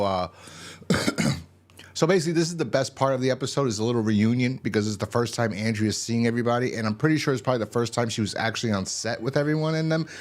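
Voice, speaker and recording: A man giving a casual, rambling and profane review of a TV episode. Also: mid-range voice. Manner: rambling, profane, full of fillers and restarts.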